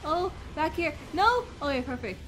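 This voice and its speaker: A woman's voice: high voice, moderate pace, faint music behind. A woman streaming a video game, exclaiming and swearing at it as she plays. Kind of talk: live gameplay commentary.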